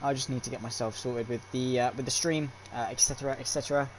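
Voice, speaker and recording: A man's voice: medium pitch, fairly even intonation, fast talker, a little hiss or hum. A man doing upbeat live stream commentary on a sim race, chatty and full of fillers as he calls the action. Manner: chatty, lots of fillers and restarts; upbeat play-by-play.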